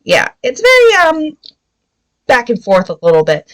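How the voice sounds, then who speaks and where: A woman's voice: fairly high pitch, wildly swooping pitch, a little slow, rough recording. A woman hosting a casual book review podcast, retelling the plot in a rambling way with many fillers.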